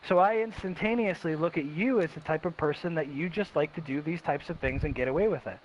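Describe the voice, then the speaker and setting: On the high side and fast, this man's voice carries a casual chat he's hosting, full of emphatic, repetitive self-reflection. Sound quality is dull and lo-fi, with a faint hiss.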